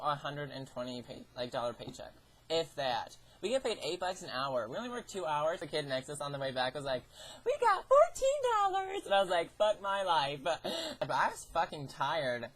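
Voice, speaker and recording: A woman's voice: low-pitched, a little fast. Teenage girl, casual storytelling, chatty, frequent swearing, acted-out quotes. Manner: chatty, swears a lot, acts out quoted lines. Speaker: vlogger.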